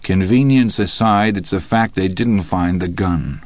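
A man doing a calm, quiet defendant. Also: lowish voice, no room sound, close to an everyday voice. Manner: calm, quiet, measured answers. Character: calm, reserved man on trial for murder.

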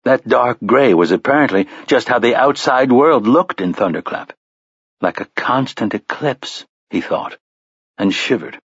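A man narrating an audiobook in a measured storytelling manner, on a slightly dull recording. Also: mid-range voice, animated, fairly bright tone, husky, dry recording. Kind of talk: scripted narration.

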